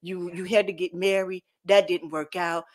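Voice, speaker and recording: A woman's voice: lowish voice, fairly even intonation, normal speed, a little mellow. A woman host in casual chat, cheering on her guest. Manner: hyping, cheering on.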